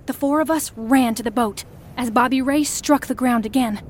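A woman narrating a first-person audio story, expressive, acting out the shouted lines. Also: fairly high pitch, moderate pace, a little hiss or hum.

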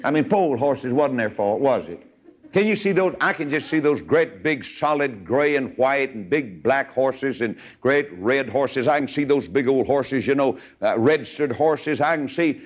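Folksy preacher, dull lo-fi sound. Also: male voice, medium pitch, lively intonation, normal speed. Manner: folksy storytelling, acting out voices. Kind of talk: sermon. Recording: dull lo-fi recording.

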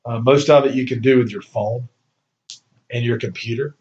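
A man's voice: medium pitch, normal speed, darkish tone, highs cut off. A man hosting a podcast in casual chat, rambling and enthusiastic, laughing easily. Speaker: podcast host.

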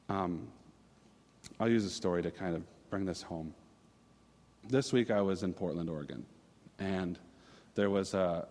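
A man's voice: low voice, a little mellow. Casual preacher in his thirties, hall echo. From Minnesota. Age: 30s. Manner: casual, storytelling, many fillers and restarts. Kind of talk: sermon.

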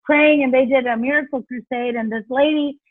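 A woman with a high-pitched voice speaks a little fast, with no room sound, over a tinny, phone-like line. She's a children's ministry leader appearing as a guest in a faith interview, animatedly telling faith stories and acting out the quotes.

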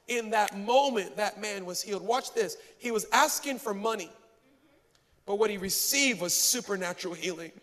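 A male pastor giving a sermon, telling stories in a lively way and poking fun at himself. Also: high-pitched, long reverb tail. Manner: animated storytelling, self-mocking humor.

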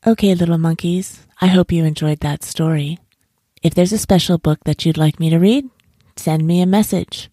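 A woman reading a bedtime story aloud in a gentle, soothing, unhurried way. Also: fairly low pitch, fairly even intonation, no room sound, studio quality.

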